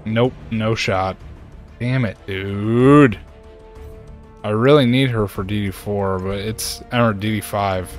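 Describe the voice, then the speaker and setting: A man streaming a game and chatting casually, ranting in an animated way and jumping to high exclaims. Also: takes it slowly, soft background music. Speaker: gaming streamer. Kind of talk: casual chat while playing a game.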